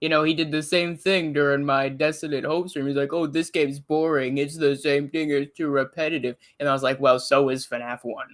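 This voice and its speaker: A streamer co-hosting a reaction show, telling stories in an animated, laughing way. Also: medium pitch, moderate pace, hardly any pauses. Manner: animated storytelling, laughs often, retells others in quotes. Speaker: co-host and streamer. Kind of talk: casual chat.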